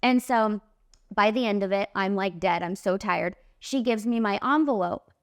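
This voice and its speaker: A woman in her late twenties, a podcast host and makeup artist, telling a story in an animated, emphatic way, full of "like" and "literally.". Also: mid-range voice, normal speed, dry recording, clean studio sound. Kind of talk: casual storytelling monologue.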